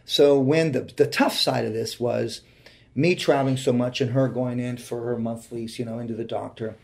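A man in his forties, appearing as an interview guest, tells a heartfelt personal story and frequently lowers his voice to near quiet. He speaks in a gravelly mid-range voice, steady in tone and moderately paced.

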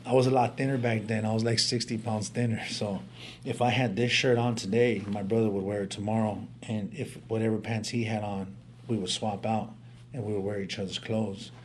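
Speaking a little fast with little pitch movement, a man with a fairly low voice earnestly shares his life story. He uses casual street slang, stammers and restarts at times, and a faint hiss runs beneath the recording.

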